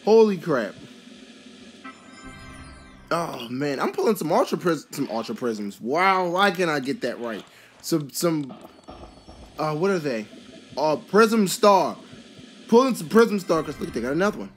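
Casual vlogger opening card packs, slow delivery, prone to excited outbursts and chatty filler; soft music bed. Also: mid-range voice. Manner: excitable, bursts into exclamations; rambling, filler-heavy musing. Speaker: card pack opening video host. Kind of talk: casual pack-opening commentary.

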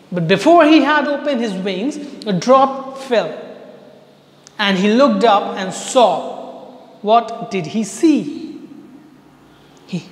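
Slow, high-voiced Indian English teacher. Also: male voice. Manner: reads a passage aloud, then retells it in simple words. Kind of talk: reading and explaining a story in an online class. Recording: echoey room with long reverb.

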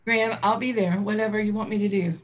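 A woman's voice: mid-range voice, fairly even intonation, quick pace. A middle-aged woman co-hosting a livestream in casual chat, rambling, laughing often and getting easily sidetracked. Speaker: co-host of a vaping livestream.

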